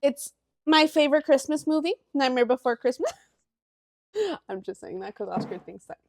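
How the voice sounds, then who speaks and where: A woman's voice: sits high, sing-song, normal speed, a crowd in the background. A young woman co-hosting a casual podcast with her brother, chatting in a giggly, casual way. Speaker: podcast co-host. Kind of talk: casual chat.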